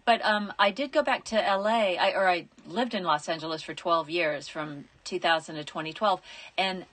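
An American woman in her fifties, a radio guest chatting casually, animated and enunciating clearly with restarts. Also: fairly low pitch, normal speed. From United States.

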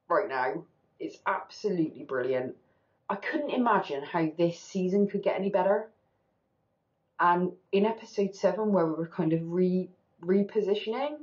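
A woman's voice: low voice, a little mellow, muffled recording. A woman hosting a TV reaction channel, talking candidly and with animation, swearing casually as she reacts.

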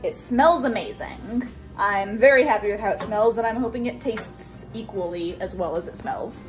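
A woman's voice: mid-range voice, lively intonation, normal speed, music in the background. A woman vlogger cooking in a home kitchen, chatting casually as she explains each step plainly.

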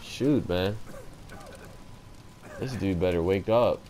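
Young male let's-play host, lowish voice, nervous jokey running commentary. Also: takes it slowly. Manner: excitable, talks to himself, jumpy and joking. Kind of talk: casual gameplay commentary.

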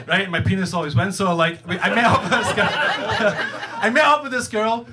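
A Scottish man performs a live stand-up set in a higher register, swearing freely and tagging lines with "right?" while he acts out the people in his story. Loud audience laughter rolls through the club recording. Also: a little fast, few pauses, very noisy. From Scotland. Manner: profane, constant "right?" tags, acts out quoted voices. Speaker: stand-up comedian. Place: comedy club stage.

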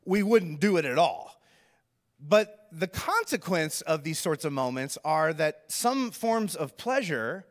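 A man preaching a sermon as a pastor, telling a funny self-deprecating story in a loose, chatty way and talking straight to the crowd. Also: high voice. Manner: animated, self-deprecating, conversational, addresses crowd directly. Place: church auditorium. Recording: reverberant hall sound.

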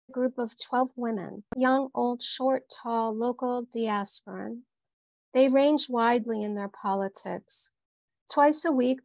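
Gravelly-voiced woman reading her novel. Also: a little high, no room sound. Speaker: author.

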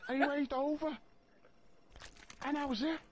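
A man's voice: very high voice, steady tone, unhurried, background noise. An actor playing a jittery, frightened working-class man with a Liverpool accent, rattling through a story in video game dialogue.

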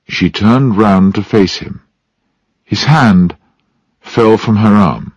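A man narrating a story slowly and deliberately for language learners. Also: fairly low pitch, a little mellow, dry recording, muffled recording. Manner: clear, deliberate phrasing. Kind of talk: slow storybook reading for learners.

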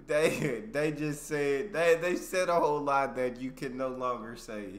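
A man's voice: medium pitch, steady tone, measured pace. A man hosting a reaction video, reacting to an old comedy clip with incredulous exclamations, in an echoey room. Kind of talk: reaction commentary.

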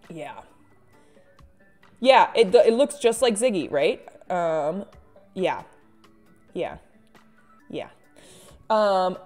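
A woman's voice: fairly low pitch, a little mellow. Chatty self-mocking woman artist streaming. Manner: chatty, self-mocking, with frequent laughs and sighs. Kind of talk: casual live-stream chat while drawing.

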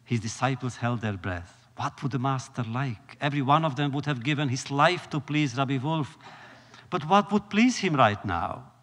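Male lecturer, measured storyteller with long pauses; live hall reverb. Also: medium pitch, lively intonation, fairly bright tone. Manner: measured, solemn, with dramatic pauses.

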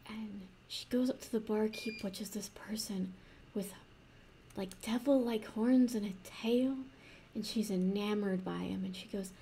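A woman improvising a fantasy story in a rambling, soft manner, with restarts and playful asides. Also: medium pitch, a little slow, gravelly, slight background noise.

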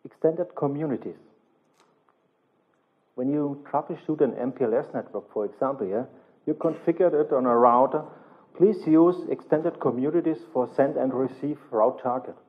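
At normal speed and medium pitch, a conference instructor presents a technical lecture, his English phrasing broken and non-native. A questioning "yeah?" caps nearly every phrase, and the recording sounds tinny and narrow-band.

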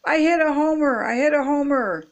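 A woman's voice: high-pitched, moderate pace, voice pushed up, lightly acted. A woman voicing a cheerful young boy frog in a storybook, chanting in a sing-song way. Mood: gleeful.

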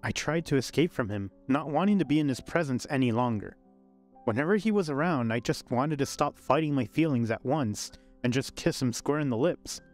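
A man narrating a scripted first-person love story in a calm, even way. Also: mid-range voice, fairly quick. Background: faint background music.

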